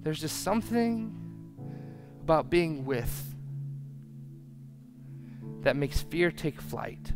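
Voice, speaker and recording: A pastor delivering a sermon who swings from loud declarations to hushed lines and acts out listeners' reactions. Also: male voice, a little high, expressive, takes it slowly, long pauses, music in the background.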